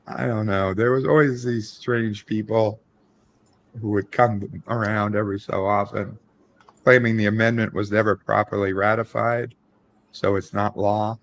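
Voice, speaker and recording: A man's voice: on the low side, fairly even intonation, a little slow. A man hosting a casual online panel chat, dry and joking.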